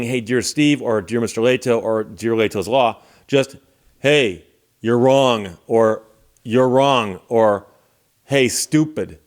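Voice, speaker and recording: A middle-aged man hosting his own channel, casually telling stories to camera in a relaxed, wry way and chuckling now and then. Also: medium pitch. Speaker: YouTube channel host.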